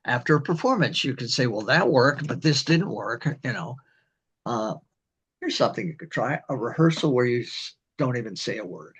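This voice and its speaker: An older man, a community band director, explaining conducting in a rambling, halting way and singing rhythms. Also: medium pitch, animated, fairly bright tone, slightly rough. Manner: rambling, halting, with many fillers and sung rhythms. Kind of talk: instructional talk on conducting.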